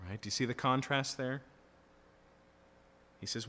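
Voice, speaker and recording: A man's voice: mid-range voice, expressive, moderate pace, pauses often, a bit bright. A male pastor preaching an expository sermon in an earnest, emphatic teaching manner, checking in often with his listeners. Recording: long reverb of a large hall.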